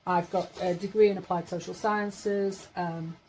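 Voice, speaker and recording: Chatty yorkshire-born woman in her 40s, lowish voice, bit of faint hiss behind her, just rambling on to her camera. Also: fairly even intonation, measured pace, dark tone, rough recording. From Yorkshire, England. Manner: rambling, chatty, corrects herself as she goes. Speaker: vlogger. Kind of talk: casual chat to camera.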